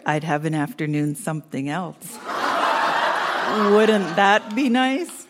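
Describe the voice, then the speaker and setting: A woman's voice: on the low side, a little hiss or hum. An older woman reading her old letters aloud to an audience, sweet and earnest with a teasing edge.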